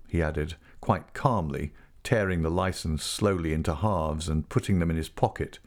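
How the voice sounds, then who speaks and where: A man reading a classic novel aloud as narrator, measured and deliberate. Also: a bass voice. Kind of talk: audiobook reading.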